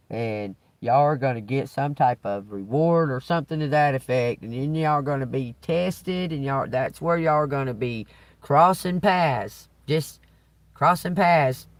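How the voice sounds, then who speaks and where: A man's voice: medium pitch, dry recording. A man giving a tarot reading on a live stream, rambling and cursing freely, with frequent chuckles. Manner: rambling, profane, chuckles often. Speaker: tarot reader.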